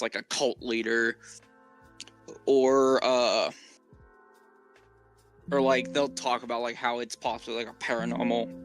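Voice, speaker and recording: A man's voice: mid-range voice, fairly bright tone, dry recording. A man with a Southern US accent, rambling through game lore in casual chat with many fillers and restarts. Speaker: co-host.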